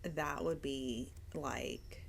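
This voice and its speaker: A woman's voice: sits low, fairly even intonation, very slow, creaky. A woman hosting a casual interview, chatty and enthusiastic as she gushes about yarn. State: hiccups and tired. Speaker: yarn shop owner and host.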